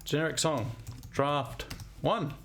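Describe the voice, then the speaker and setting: A man's voice: on the high side, slow, a bit bright, a little hiss or hum. A man, a music teacher talking through a composition demo while thinking aloud. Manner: thinking aloud, scatting melodies. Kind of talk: screen-recorded composition demo.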